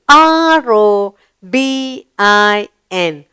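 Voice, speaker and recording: Slow, clear woman teaching children. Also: a little high, expressive, a bit bright. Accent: Indian English. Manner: spells out words letter by letter and coaxes children with questions. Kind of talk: children's spelling lesson.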